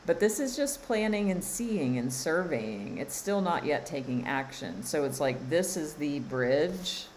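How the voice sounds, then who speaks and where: A low-pitched woman talks slowly on a live stream, leaning hard on her key phrases and repeating them. She runs a spiritual coaching session, with a faint hiss of room noise under her voice. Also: expressive, darkish tone, poor audio. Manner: slow, emphatic, repeats phrases, laughs often. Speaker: spiritual coach and card reader.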